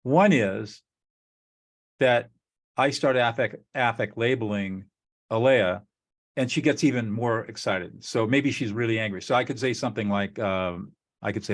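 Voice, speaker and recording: A man with a lowish voice co-hosts a relationships talk, speaking at a moderate pace. He explains a technique earnestly and methodically, acting out sample dialogue as he teaches relationship skills.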